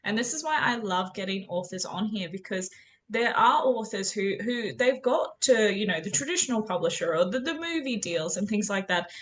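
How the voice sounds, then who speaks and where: A woman of middle pitch hosts a casual author interview over a video call. She talks with bubbly enthusiasm and gushes over her guest's answers. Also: animated, a little hiss or hum. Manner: enthusiastic, gushing, rapid questions. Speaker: interview host.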